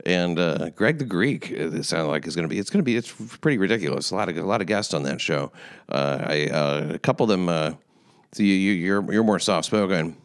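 A man's voice: sits low, expressive, a little fast, dry recording, clean studio sound. A man hosting a podcast, chatting about crime news with hesitant, sardonic asides. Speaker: podcast host. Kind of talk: casual crime-news chat.

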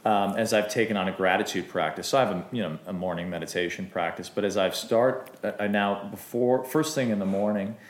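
A man with a fairly low voice hosts an interview. He talks in a reflective, halting way, restarting his sentences. The recording carries a roomy echo. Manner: thoughtful, hesitant with restarts. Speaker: podcast host. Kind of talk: interview conversation.

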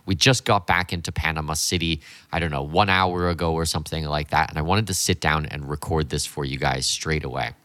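A man in his forties hosting a solo podcast, talking with blunt enthusiasm in a voice gone hoarse from a week of speeches. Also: rumbling low, steady tone, brisk, pushed and bright, no room sound. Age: 40s. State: hoarse, half lost voice. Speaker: podcast host.

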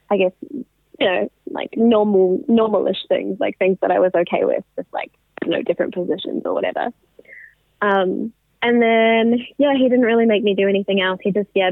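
A woman's voice: medium pitch, dry recording. Twenty-something woman chatting over a tinny phone line, dry, says like a lot. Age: 20s. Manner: chatty, many likes and ums. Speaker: guest. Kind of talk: casual interview.

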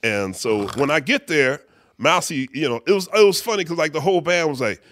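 A middle-aged man, a bass player, casually telling an anecdote in an interview, acting out quotes with many fillers. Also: animated, fairly quick, fairly bright tone. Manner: laid-back storyteller who acts out quotes, many fillers. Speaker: guest musician, bass player.

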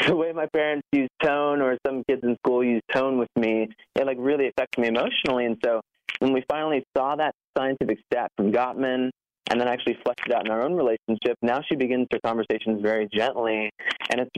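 Earnest thirties founder, quick and self-correcting, heard over a muffled remote line. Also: male voice, medium pitch, fairly even intonation, a little hiss or hum. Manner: earnest, fast, full of restarts, acts out quoted voices. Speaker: app founder, guest. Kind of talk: remote interview conversation.

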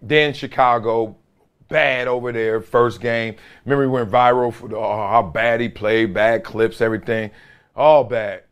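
A man's voice: on the low side, fairly even intonation, normal speed, smooth. A man in his forties hosting a casual sports talk show, telling stories with slangy, emphatic energy and frequent laughter. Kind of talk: casual sports commentary with storytelling.

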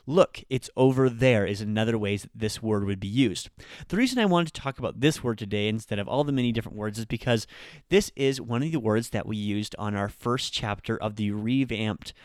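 A man hosting a short language-lesson podcast, energetic and chatty, with fillers as he explains. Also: medium pitch, clear, resonant tone, no room sound, studio quality. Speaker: podcast host and Japanese teacher.

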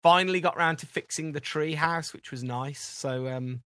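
A man's voice: fairly high pitch, moderate pace, a bit bright, no room sound, clean studio sound. A British man co-hosting a podcast, rambling through everyday anecdotes in casual chat and acting out the dialogue. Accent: British English. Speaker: podcast co-host.

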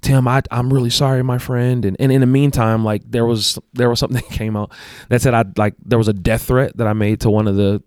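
Low-voiced man telling a story. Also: fairly even intonation, fast, few pauses, darkish tone, clean tone, no echo, studio quality. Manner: rambling, restarts and self-corrections. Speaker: guest, basketball coach and athletic director. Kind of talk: casual storytelling.

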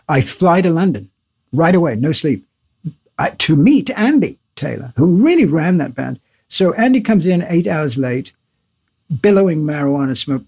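A husky, slightly high-voiced older man tells stories as an interview guest. He is animated and swears freely, breaking into laughs as he goes. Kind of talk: casual interview storytelling.

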